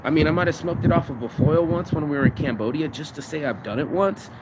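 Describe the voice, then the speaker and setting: A man with a slightly high voice rants and swears his way through stories, recording himself on a phone. The recording is outdoors in a city, with traffic and street noise clearly audible behind him. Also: fast talker. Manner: profane, venting, storytelling. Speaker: vlogger. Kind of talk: outdoor rant vlog.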